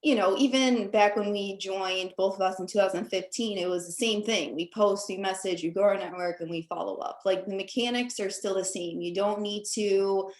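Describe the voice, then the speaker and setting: A woman hosting a casual video call, talking in an animated, rambling way with many fillers. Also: medium pitch, normal speed, hardly any pauses, reverberant. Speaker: host.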